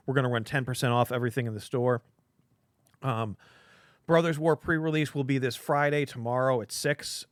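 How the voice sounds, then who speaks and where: A man's voice: medium pitch, clear, resonant tone, dry recording, clean studio sound. A man hosting a casual live stream from a comic shop, opening cards and rambling with jokes and filler sounds.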